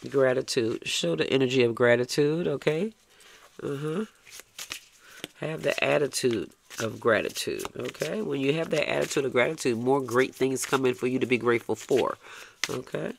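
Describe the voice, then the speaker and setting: A man's voice: medium pitch, moderate pace, vocal fry, slight background noise. A man giving a tarot reading, blunt and coaxing, swearing freely and ending lines with "okay?". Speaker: tarot reader.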